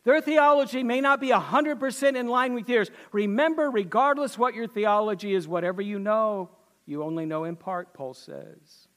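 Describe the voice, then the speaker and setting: Pastor guy telling stories in a sermon, high voice, folksy and emphatic. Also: moderate pace, fairly bright tone. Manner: folksy storytelling preacher, emphatic.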